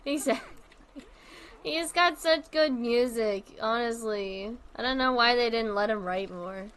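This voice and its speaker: Bright, chatty woman game streamer. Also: on the high side, slow pace, clean tone. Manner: rambling and chatty, often trailing off and restarting; swears casually. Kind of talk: casual chat while playing a zoo-building game.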